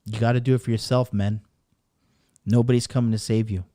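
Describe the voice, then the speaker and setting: A man's voice: mid-range voice, fairly even intonation, a little fast, warm tone, no echo, clean studio sound. A man hosting a podcast, giving a profane, emphatic motivational rant that hammers the same points over and over. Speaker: podcast host and dating coach.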